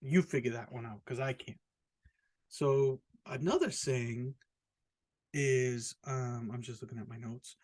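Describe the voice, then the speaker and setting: A man's voice: medium pitch, unhurried, darkish tone. An American man hosting a casual solo podcast, rambling and profane, with an incredulous tone and frequent laughs at his own jokes. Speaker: podcast host. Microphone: podcast microphone, also filmed.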